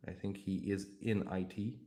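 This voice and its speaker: A man's voice: deep voice, flat delivery, moderate pace, mellow. A man from Hungary with a Hungarian accent, hosting a casual livestream chat and talking in an outspoken, rambling way. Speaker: livestream host.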